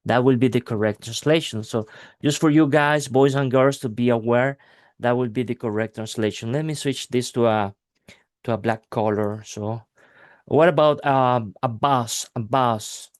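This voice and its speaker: A middle-pitched man whose first language is Spanish gives a casual English lesson, slow and deliberate as he works through examples. He's unhurried and hesitant, leaning on many fillers, and the recording is dry and close.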